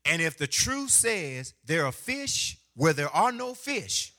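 High, bright-voiced preaching man. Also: sing-song, slow pace. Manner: preacherly, swings from hushed to loud with sung phrases. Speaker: pastor. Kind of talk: sermon.

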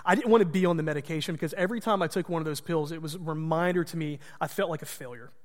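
A pastor with a high-pitched voice tells a personal story from the pulpit, chatty and poking fun at himself. His voice rings out with a long reverb, as in a large hall. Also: rapid-fire. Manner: conversational, self-deprecating humor. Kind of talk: storytelling sermon.

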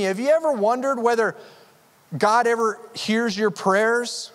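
A man's voice: very high voice, measured pace, a bit bright, in a large hall. A pastor preaching a sermon in an earnest, conversational way, often restarting his sentences. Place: church sanctuary.

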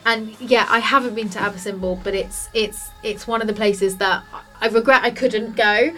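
A woman's voice: mid-range voice, steady tone, normal speed, fairly bright tone. A woman hosting a podcast, talking in an enthusiastic, effusive way with her guests. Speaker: podcast host. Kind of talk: casual interview chat. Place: trade fair stand.

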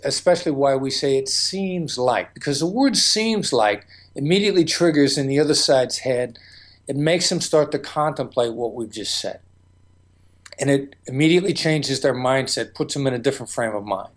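A man's voice: mid-range voice, brisk. A man as an interview guest, explaining negotiation tactics and acting out remembered conversations. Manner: storytelling, acts out quoted exchanges.

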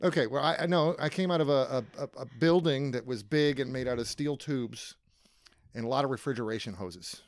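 A man plays a vault dweller fresh from the wasteland, rambling on in a deadpan way and trailing off mid-thought. The voice sits at a middling pitch. The sound is close and dry. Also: a little fast, no echo, close to an everyday voice. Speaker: comedian in character. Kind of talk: improvised comedy interview.

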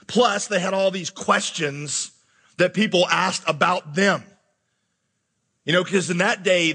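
A man preaching a sermon to a congregation, animated, acting out people's questions to God in his own voice. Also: sits high, breathy edge, big-room sound. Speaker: pastor.

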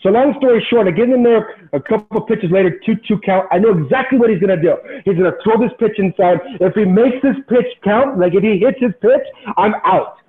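Intense high-voiced man telling a story. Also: brisk, few pauses. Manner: animated, intense, motivational, repeats words when excited. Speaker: podcast guest, former pro baseball player. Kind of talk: storytelling in casual interview. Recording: tinny phone-like sound.

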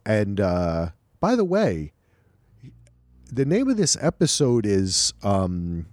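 A man co-hosting a podcast in casual chat, talking in a lively, animated way. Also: fairly low pitch, slow pace, no echo, clean studio sound. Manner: animated, lively storytelling with acted quotes. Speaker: podcast co-host.

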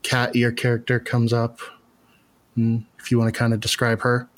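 A man narrating as game master of a tabletop game, relaxed and casual with many fillers. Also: medium pitch, normal speed.

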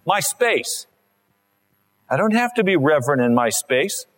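A man's voice: fairly high pitch, sing-song, unhurried, poor audio. A male pastor delivering a conversational sermon and acting out little everyday scenes.

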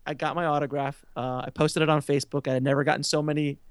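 A man guesting on a podcast, telling an animated, self-mocking anecdote and laughing often. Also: a little high, quick pace, clear, resonant tone, no room sound. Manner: animated, excitable storyteller who laughs often. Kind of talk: casual interview storytelling.

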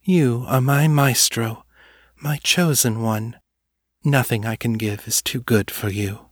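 A man voicing a seductive, possessive supernatural female muse in a dark audio story, speaking slowly and commandingly. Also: mid-range voice, dry recording, studio quality.

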